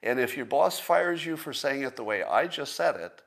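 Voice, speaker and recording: A man's voice: mid-range voice, expressive, moderate pace, gravelly, fairly bright tone. Self-assured man talking persuasively. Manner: conversational, persuasive, fond of rhetorical questions; plain-spoken and self-assured. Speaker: podcast host. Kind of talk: casual solo monologue.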